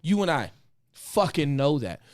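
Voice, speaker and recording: A former Marine, now a podcast guest, telling stories in casual, profane, emphatic chat. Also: male voice, fairly high pitch, very animated, measured pace, no room sound, clean studio sound.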